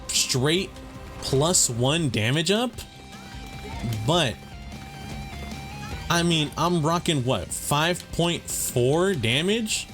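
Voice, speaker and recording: A man's voice: a little high, animated, very slow, long pauses, a bit bright, soft background music. A young man hosting a gaming channel, chatting casually and profanely over gameplay, rambling and correcting himself as he goes.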